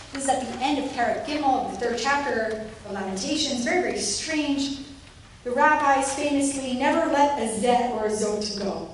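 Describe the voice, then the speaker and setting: Female lecturer, high voice, animated delivery, distant mic in a very echoey room. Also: moderate pace. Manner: lively, acts out quoted voices with rising pitch. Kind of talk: academic lecture. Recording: roomy echo, distant mic, faint noise.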